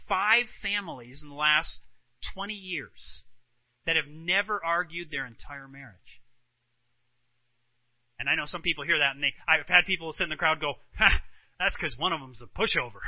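A man speaking as a Christian health speaker, telling animated personal anecdotes to a live audience and tossing in rhetorical "right?" asides. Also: sits high, no room sound, highs cut off. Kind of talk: storytelling talk to a live audience.

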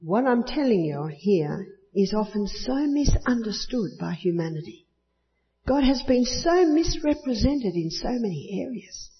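A woman's voice: mid-range voice, sing-song, a little slow. A woman gives a sermon in a hall with a long, ringing reverb, and the recording sounds dull and muffled. She tells homely stories, laughs often, and lifts her voice sharply on the words she wants to land. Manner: warm, laughing often, emphatic rises on key words. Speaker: speaker at a retreat.

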